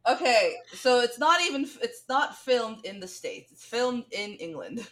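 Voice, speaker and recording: A chatty woman co-hosting a film reaction, agreeing and chiming in. Her voice is bright and fairly high, with a lively, expressive range. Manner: chatty, agreeable, quick to chime in. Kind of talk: casual reaction commentary.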